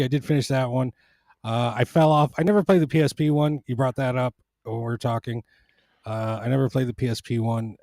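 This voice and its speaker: A man's voice: medium pitch, darkish tone, no room sound, clean studio sound. A man from Panama, a podcast guest chatting casually, often restarting and repeating words. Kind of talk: casual chat.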